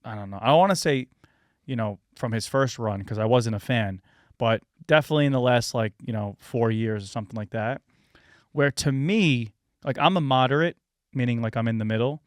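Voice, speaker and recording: A man in his thirties hosts a podcast in relaxed chat. He talks in loose, wandering sentences packed with filler words and the odd curse, at an ordinary middle pitch. The sound is close and dry, with no room around it. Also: a little fast, no echo. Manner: loose and rambling, heavy on filler words, swears freely. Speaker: podcast host. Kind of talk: casual chat.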